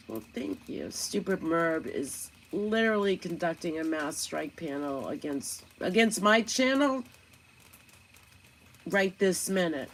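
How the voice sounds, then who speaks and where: A woman's voice: fairly low pitch, lively intonation, slow pace, slight background noise. A woman hosting a casual commentary vlog, talking in a chatty, indignant, gossipy way. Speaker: commentary channel host.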